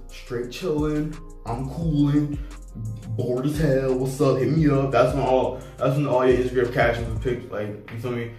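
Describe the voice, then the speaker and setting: A young man telling a casual storytime, slangy and animated, acting out both sides of the conversation. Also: medium pitch. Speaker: vlogger. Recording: echoey room heard from a distance, faint music.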